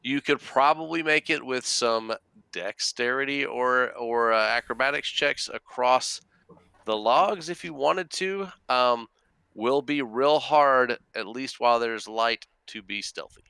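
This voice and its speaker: A man runs a tabletop game as dungeon master, his voice bright and very crisp. He explains the map in rambling bursts full of restarts, close on the mic in a dry, dead room. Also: mid-range voice, measured pace, dry recording. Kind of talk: running a tabletop game over a call.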